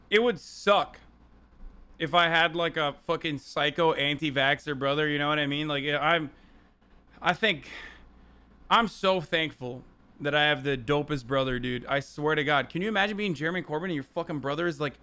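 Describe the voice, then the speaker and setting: A man's voice: fairly high pitch, sharp tone, clear, resonant tone. A man streaming a casual reaction to a video, laid-back and full of profanity.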